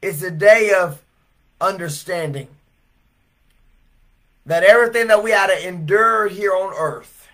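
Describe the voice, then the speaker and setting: High, bright-voiced evangelist man. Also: measured pace, long pauses. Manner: animated storytelling, swelling to shouts. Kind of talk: revival sermon.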